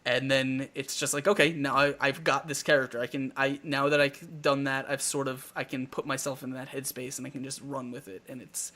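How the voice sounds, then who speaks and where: A man hosting a live talk show, telling game stories in a rambling, animated way with lots of restarts. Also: medium pitch, fairly quick, few pauses. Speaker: talk show host and dungeon master.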